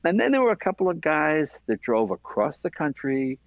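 A man's voice: a little high, sing-song, moderate pace, vocal fry, no room sound, highs cut off. A man, a comedian and former late-night talk show host, telling casual stories as a guest and acting out both sides of each exchange. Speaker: podcast guest. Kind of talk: casual storytelling.

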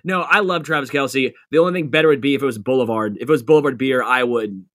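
A man's voice: medium pitch, quick pace, a bit bright, slight background noise. A man co-hosting a casual podcast, playful and rambling with frequent laughs. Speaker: podcast co-host.

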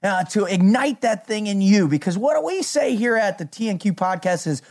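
A man's voice: high-pitched, animated, normal speed, a little mellow. A middle-aged man hosting a podcast, talking in a hyped, motivational way and laughing often. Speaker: podcast host. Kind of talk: energetic podcast chat.

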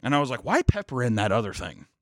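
Animated man telling a wild story. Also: medium pitch, quick pace, dry recording, studio quality. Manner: animated, swearing, acts out voices in stories. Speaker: podcast co-host. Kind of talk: casual storytelling chat. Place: studio.

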